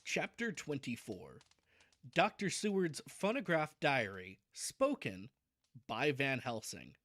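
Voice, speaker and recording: A man's voice: medium pitch, fairly bright tone, dry recording. A man chatting casually on a livestream before reading a novel aloud. He is self-deprecating and restarts his sentences often.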